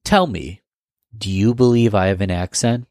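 A man from upstate New York with a deep, low voice and a Western New York accent talks casually to the camera. He muses aloud and keeps turning questions back to the listener. The recording is dry, with no room sound. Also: normal speed, a little mellow, no room sound. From Rochester, New York. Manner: musing, asks the listener questions. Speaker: vlogger.

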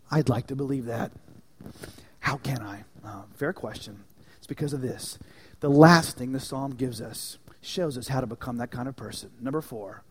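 A man delivering a sermon in a fairly high voice. His pitch swings widely as he moves from hushed, almost whispered moments to loud, forceful climaxes. The delivery is dynamic and emphatic. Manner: dynamic preaching, dropping to near-whispers and rising to shouts. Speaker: pastor.

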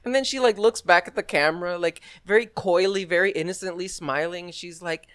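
Guy with a high smooth voice, casual chat with buddies, acts stuff out, dry sound. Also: moderate pace, dry recording. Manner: animated storyteller, acts out quotes with laughs.

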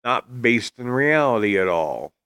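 Man, podcast co-host, slow and hesitant, lively pitch, dry close sound. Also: smooth, no echo. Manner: hesitant, measured, laughs along. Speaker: podcast movie reviewer. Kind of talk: casual film review chat.

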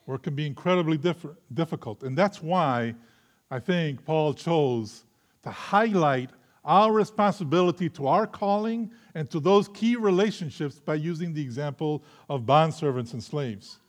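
A man preaching a sermon with earnest conviction, moving between loud emphatic stretches and quiet reflective ones before closing in prayer. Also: fairly high pitch, animated, normal speed. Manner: closes in prayer. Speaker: pastor.

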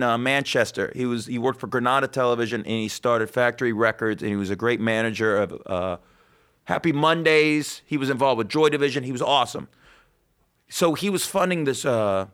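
Bright-voiced profane man in his thirties. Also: mid-range voice. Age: 30s. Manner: profane, fast riffing with movie references. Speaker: podcast co-host. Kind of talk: casual chat.

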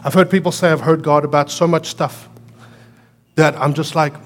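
A man preaching a sermon, swinging from loud, emphatic lines to quiet storytelling, with an accent that sounds foreign to American ears. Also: on the high side, fairly even intonation, brisk. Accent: foreign to American listeners. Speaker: pastor.

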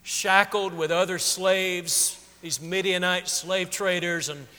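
A man's voice: high-pitched, fairly even intonation, slow pace, pushed and bright, in a large hall. A man preaching a sermon in a conversational way, acting out the people in the story with rising feeling. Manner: conversational, acts out quotes with rising emotion. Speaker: pastor.

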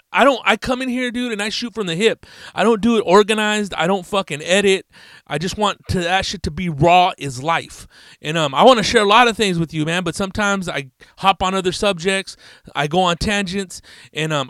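Young SoCal podcast host, loose profane slang, slightly high, bright, dry close sound. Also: male voice, clear, resonant tone, dry recording. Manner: loose, profane, rambling slang with frequent laughs. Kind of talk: casual podcast monologue.

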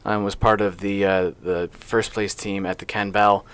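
A man's voice: fairly low pitch, level tone, moderate pace, clean tone. A man co-hosting a local sports podcast in casual chat, rambling and playful as he talks through his picks. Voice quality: chatty, rambling, playful about names. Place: small podcast studio.

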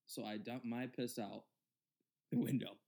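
A young man in his twenties tells a rambling story on a podcast, mid-pitched and casual. He jumps into the voices of the people in the story as he goes. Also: measured pace. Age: 20s. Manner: rambling, animated retelling with quoted dialogue. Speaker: podcast host.

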